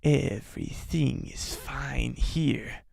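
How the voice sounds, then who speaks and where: A man's voice: medium pitch, creaky, a little mellow, no room sound, clean studio sound, full character voice. A man doing a hissing lizard alien on comms. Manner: drawn-out, hissy S sounds.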